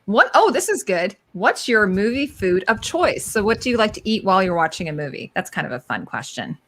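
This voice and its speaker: A woman's voice: mid-range voice, sing-song, a little fast, a bit bright. A woman hosting a casual livestream, chatting with guests and reading viewer comments aloud. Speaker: livestream host.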